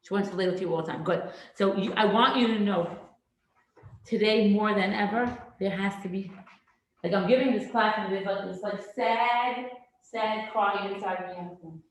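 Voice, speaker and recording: A middle-aged woman teaching a parenting class in a classroom, lively and acting out children's voices. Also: mid-range voice, moderate pace. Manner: animated, acts out children's voices. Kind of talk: classroom lecture. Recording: very echoey room.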